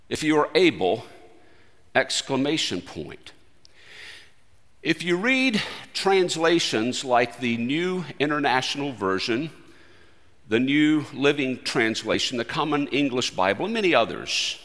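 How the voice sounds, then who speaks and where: A man preaching a sermon with emphatic delivery, swinging between loud stressed phrases and quiet low asides. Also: big-room sound.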